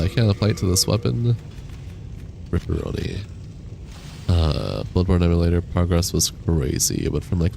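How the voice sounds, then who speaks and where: Hiccuping as he plays, this streamer talks in a low, darkish voice, replying to his audience in an easygoing, casual way. Game music sits clearly behind his voice, and there's a little hiss or hum.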